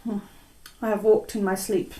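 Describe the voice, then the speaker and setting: A woman's voice: mid-range voice, flat delivery, slow, roomy sound, distant mic, crowd noise, natural voice. An actress playing a haughty, proud queen with commanding, declamatory Elizabethan stage delivery.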